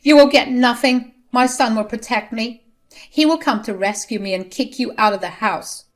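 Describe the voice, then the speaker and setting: A woman's voice: on the high side, normal speed, pitched above the performer's own voice, lightly acted. A woman voicing a whiny, scheming older mother-in-law who pleads and wails. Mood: defiant. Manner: pleading, wailing.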